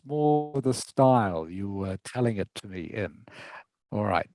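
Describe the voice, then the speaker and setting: Male English teacher, patient and encouraging, steady mid voice, dry close sound. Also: medium pitch, no room sound, poor audio. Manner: patient, encouraging, checks understanding often. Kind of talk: online lesson feedback.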